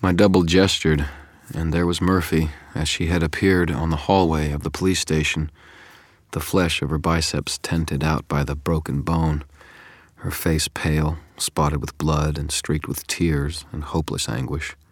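Male audiobook narrator, measured, very deep, dry close sound. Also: flat delivery, no echo. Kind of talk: scripted first-person narration.

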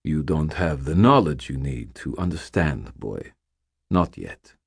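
A man voicing a calm, sinister male guardian and dark wizard who speaks in a steady, quiet, unhurried way. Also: a bass voice, slightly rough, no echo, studio quality, full character voice. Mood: cold calm.

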